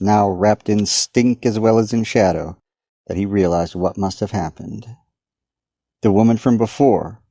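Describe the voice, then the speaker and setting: A man reading his own dark story aloud in a measured audiobook narration. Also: lowish voice, dry recording. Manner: steady, measured dramatic reading.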